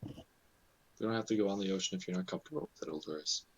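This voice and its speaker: A man's voice: low voice, fast, dull audio. A man playing in a casual tabletop game, talking in a persuasive way. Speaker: player.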